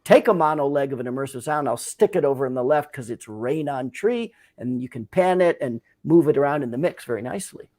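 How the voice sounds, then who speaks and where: An older man, a sound designer guest, explaining his work in a measured, thoughtful way in a casual interview. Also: mid-range voice, expressive, a little mellow.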